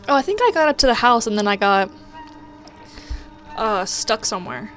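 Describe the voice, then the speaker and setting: A young woman streamer chatting casually while gaming, telling a story in an animated way and swearing often. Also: fairly high pitch, normal speed, pauses often, faint music behind.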